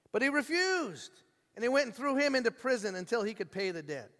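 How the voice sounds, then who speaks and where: Male pastor, high voice, lively storytelling sermon, long church-hall reverb. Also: a little fast. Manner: animated storytelling, acting out the characters' voices.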